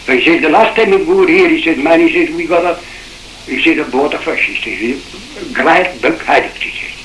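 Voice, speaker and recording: An older Shetland man recounts a long-ago sea story on a worn cassette recording, his pitch sitting a little higher than most men's. He rambles through remembered dialogue, stacking up "he says" after each line. The tape has a roomy echo and a faint hiss behind it. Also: normal speed, a bit bright. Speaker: survivor telling his story. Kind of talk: oral history recollection.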